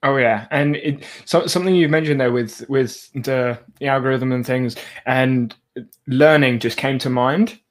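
A man hosting a podcast, relaxed and chatty, laughing easily as he talks. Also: mid-range voice, measured pace. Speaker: podcast host. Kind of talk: casual conversation.

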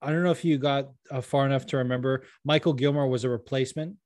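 A man's voice: medium pitch, fairly even intonation, quick pace, a little mellow, no echo, studio quality. Laid-back, profane man chatting. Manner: profane, laughing, breaks into sung bits. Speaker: podcast co-host. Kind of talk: casual chat about fights.

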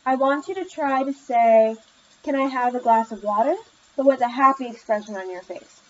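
A woman voicing a patient, encouraging female tutor who teaches speech, read in a gentle, upbeat teacherly way. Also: fairly high pitch, normal speed, a little hiss or hum, natural voice. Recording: slightly muffled lo-fi recording.

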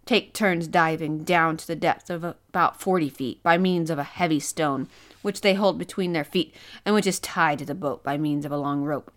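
A woman narrating a classic adventure novel as an audiobook, reading in a first-person voice with expressive turns. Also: low voice, moderate pace. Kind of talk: scripted narration.

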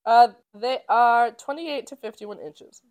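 A woman's voice: fairly high pitch, slow pace, a little mellow. A young woman co-hosting a podcast, telling a story in casual chat, giggly and teasing.

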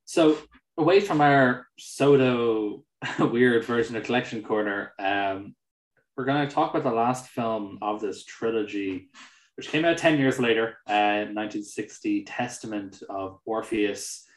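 A man's voice: lowish voice, measured pace, reverberant, poor audio. A man co-hosting a film podcast, talking casually and animatedly, swearing and acting out mocking quotes. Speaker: podcast co-host.

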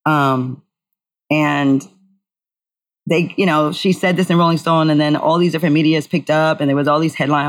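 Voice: mid-range voice, normal speed. Earnest co-host thinking aloud. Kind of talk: casual chat.

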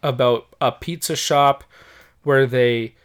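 A man in casual conversation, talking in long, rambling runs. His pitch sits in the middle range, and he keeps restarting and circling back. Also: slow pace, clean tone. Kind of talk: casual chat.

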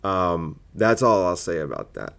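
A man's voice: sits low, expressive, measured pace, a bit bright. Argumentative male comedian ranting solo. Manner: argumentative, rhetorical questions, many fillers. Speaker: comedian and podcast host. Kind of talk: opinionated solo podcast monologue.

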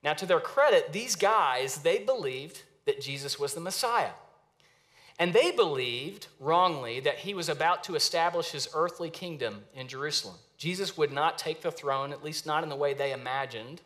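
A man's voice: a little high, expressive, fairly bright tone. Young man preaching a sermon. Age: young adult. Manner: earnest preaching with emphatic rises and pauses. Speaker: pastor.

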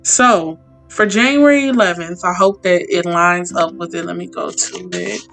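A woman's voice: fairly low pitch, moderate pace, creaky, soft background music. Heartfelt woman hosting a devotional podcast. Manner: heartfelt, expressive, prone to tearing up; folksy, talks straight to listeners. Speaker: podcast host. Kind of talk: casual devotional podcast with prayer and reading.

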